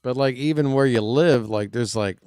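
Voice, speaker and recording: Excitable fan calling a ballgame. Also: male voice, mid-range voice, normal speed, smooth, no echo, studio quality. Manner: excitable, shouts on big plays, rambling asides. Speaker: fan play-by-play streamer. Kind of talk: fan play-by-play commentary.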